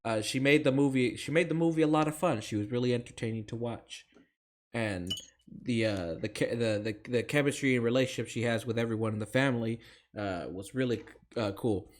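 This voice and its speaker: A man's voice: mid-range voice, brisk. Giggly, rambling male podcast co-host. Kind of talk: casual chat.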